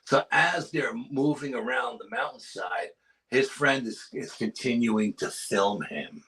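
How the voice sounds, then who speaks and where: Bright-voiced man telling an eerie tale. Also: mid-range voice, unhurried, low-quality recording. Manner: urgent storyteller, drops to hushed tones for suspense. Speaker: paranormal researcher guest. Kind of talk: animated storytelling in casual chat.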